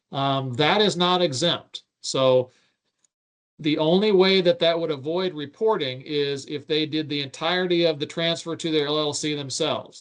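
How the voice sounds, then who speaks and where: A man's voice: on the high side, a bit bright, smooth. A man presenting a webinar, reading out audience questions and answering them with many ums and uhs. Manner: explains at length, with many filler "uh"s and "um"s. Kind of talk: webinar Q&A explanation.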